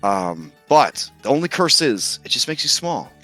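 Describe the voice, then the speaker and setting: A man's voice: mid-range voice, sing-song, a little slow, sharp tone, soft background music, full character voice. A man voicing a sly female goddess posing as a bard, teasing and laid-back.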